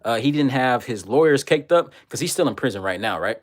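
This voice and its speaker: A man hosting a livestream, reading viewer comments and ranting with loud, profane, repetitive insults. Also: mid-range voice, expressive, a little fast.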